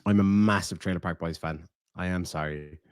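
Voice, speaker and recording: A man's voice: low-pitched, normal speed, clear, resonant tone, dry recording, clean studio sound. A man with an Irish accent hosting a casual livestream, reading donations and talking bluntly with lots of swearing. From Ireland. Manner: blunt and profane, animated swings in loudness. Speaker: livestream host.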